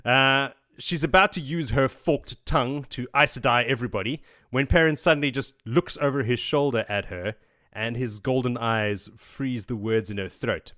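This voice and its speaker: A man hosting a podcast, retelling a book chapter in a casual, excitable way with swearing and laughs. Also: medium pitch, moderate pace. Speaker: podcast host.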